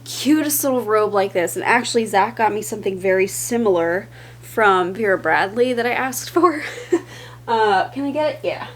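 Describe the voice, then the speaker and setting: Woman vlogger, casual to-camera chat, rambling with fillers, laughs easily; a little faint background hum. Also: mid-range voice. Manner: chatty, rambling, with fillers and restarts. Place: indoors at home.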